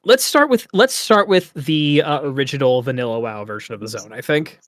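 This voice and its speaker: A man's voice: medium pitch, animated, brisk, a bit bright, dry recording, clean studio sound. Casual man chatting about games. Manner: rambling, laughs often. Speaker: podcast co-host. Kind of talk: casual gaming chat.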